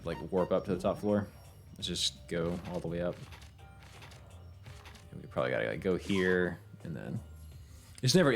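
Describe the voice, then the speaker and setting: A young man talks through a game stream in a loose, chatty way, laughing, cursing and reading lines aloud. His voice sits a little low but swings up and down a lot. Faint game music plays behind him. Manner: animated, swearing, laughing, chatting with viewers. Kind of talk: casual let's-play commentary, reading game text aloud.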